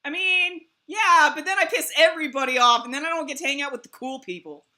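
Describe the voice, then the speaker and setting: A woman's voice: high voice, fast. A woman hosting a livestream, chatting casually and telling family stories with lots of laughter. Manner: laughing, animated storytelling. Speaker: livestream host. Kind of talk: casual chat.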